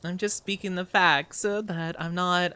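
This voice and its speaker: Slow, playfully defensive young male streamer. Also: high voice, steady tone, pushed and bright, smooth, no room sound. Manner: playfully defensive, teasing denials to chat. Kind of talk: casual gameplay stream, chatting with viewers.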